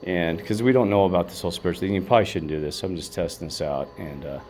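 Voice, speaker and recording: A man's voice: deep voice, quick pace, a little mellow, a little hiss or hum. A man exploring an old hotel, musing to himself as he walks, and at times calling out firmly to a spirit. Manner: calls out commandingly to a spirit. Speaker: paranormal investigator vlogger. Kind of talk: rambling walk-through commentary.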